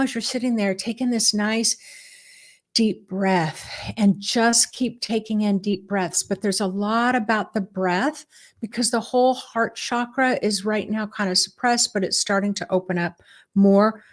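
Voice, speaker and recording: A middle-aged woman, a spiritual teacher, talking casually to her viewers and guiding them through imagery in a chatty, encouraging way. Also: medium pitch. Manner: chatty and encouraging, guides the listener through visualizations. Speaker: spiritual teacher hosting a live stream.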